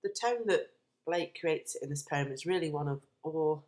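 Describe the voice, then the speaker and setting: A woman teaching a recorded revision lesson on a poem, explaining slowly and deliberately and stressing words for emphasis. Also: deep voice, expressive, darkish tone. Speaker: English literature teacher.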